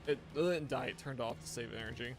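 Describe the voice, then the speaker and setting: A tired, yawning male gaming streamer chats loosely with viewers during a live stream, often restarting his sentences. He talks fast at a medium pitch, with music in the background.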